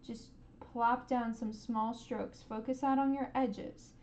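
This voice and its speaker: A woman streaming a live painting lesson, gently encouraging viewers and making playful sound effects as she paints. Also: fairly high pitch, steady tone, takes it slowly, muffled recording, slight background noise.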